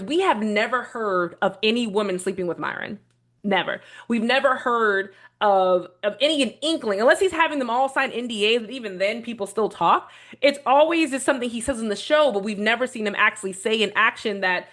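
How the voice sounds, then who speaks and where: A woman's voice: fairly high pitch, fairly quick. A woman hosting a casual video commentary, talking bluntly with strong opinions and swearing freely as she rambles through her points. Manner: rambling with restarts, animated retelling. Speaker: vlog host reviewing a documentary.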